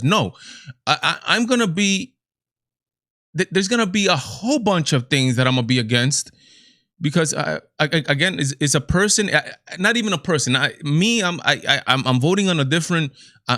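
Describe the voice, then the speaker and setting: A man's voice: mid-range voice, fairly bright tone, no echo. A male show host talks straight to his live-stream audience in a mid-range voice. He speaks emphatically, stammering through repeated "I, I" restarts as he presses each point. The sound is close and dry, with no room around it. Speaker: host of a political talk show.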